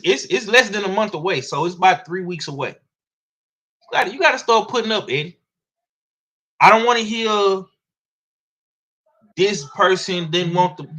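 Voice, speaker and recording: Animated Southern man talking boxing. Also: high voice. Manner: animated, blunt, slangy, profane. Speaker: boxing commentator. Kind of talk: casual sports commentary.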